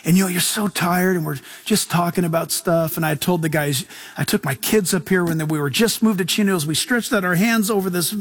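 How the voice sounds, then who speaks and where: A man preaching a sermon with a fairly high voice. He talks casually and with excitement, and he often wanders off into chatty asides and slang. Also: fairly quick. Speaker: pastor.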